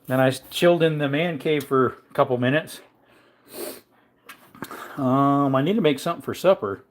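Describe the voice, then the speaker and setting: A man's voice: medium pitch, moderate pace. A man vlogging from his home kitchen in a rambling casual chat, wandering between topics and talking to his dogs.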